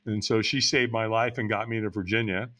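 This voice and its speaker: A man's voice: lowish voice, steady tone, brisk, bright, forceful tone. A man in his sixties telling his life story as a podcast guest, frank and blunt with casual swearing. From United States. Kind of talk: candid personal storytelling.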